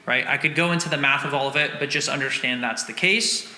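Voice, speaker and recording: A man's voice: mid-range voice, quick pace. A man teaching drum rhythms, counting and singing the beats aloud, and often correcting himself. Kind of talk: instructional breakdown. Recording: echoey room with loud drumming. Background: drumming.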